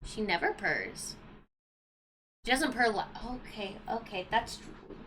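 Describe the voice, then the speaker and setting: A woman livestreamer chatting casually at home, animated and talking to her cats between thoughts. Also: medium pitch, slow pace, pauses often, a little hiss or hum, rough recording. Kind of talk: casual stream chat.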